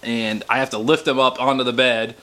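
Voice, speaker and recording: A man's voice: steady tone, brisk, bright, forceful tone. Casual man talking about his dog. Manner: talks to dogs in a high baby voice, then chats casually. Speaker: dog owner. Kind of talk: casual home video chat. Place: at home. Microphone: handheld camera.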